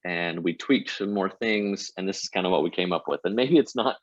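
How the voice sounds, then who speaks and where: An energetic man with a fairly low voice explains his sales approach step by step. He talks casually, as a podcast guest on a remote call. The sound is dry and a little dull, like lo-fi call audio. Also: brisk, dry recording. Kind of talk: casual interview talk.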